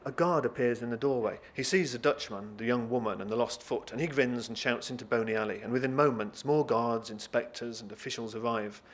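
A man reading a novel aloud to listeners, lively and expressive. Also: medium pitch, a little fast, hardly any pauses. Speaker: reader.

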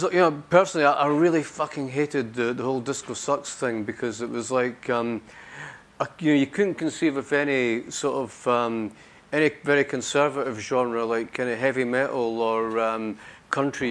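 Earnest man asking interview questions. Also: mid-range voice.

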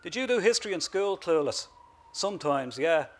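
A cocky young Dublin lad with a crude, sarcastic tongue, as an author reading aloud puts him on. His voice sits high and bright. He sounds brash and slangy. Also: animated, normal speed, natural voice. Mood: flippant.

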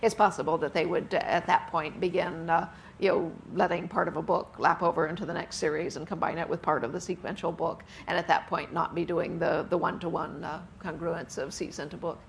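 Chatty woman author, gravelly low voice. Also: steady tone, a little fast, slight background noise. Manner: chatty, laughs often, many "uh" fillers. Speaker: author guest. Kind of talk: live stage interview. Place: book festival event with audience.

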